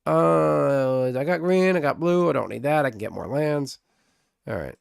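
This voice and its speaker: A man streaming a card game live, chatting casually with viewers, excitable and swearing freely. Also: fairly high pitch, measured pace, creaky, clean tone, no echo, clean studio sound.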